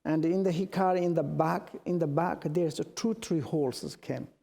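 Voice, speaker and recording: Mellow Tibetan-native man teaching in a hall. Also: a little high, vocal fry. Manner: halting non-native English with restarts. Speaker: Buddhist teacher. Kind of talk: storytelling dharma teaching. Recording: long reverb of a large hall.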